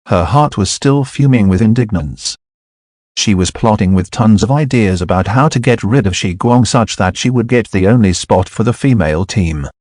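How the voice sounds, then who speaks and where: A man narrating a web novel as an audiobook, measured and even. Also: fairly low pitch, no room sound, clean studio sound.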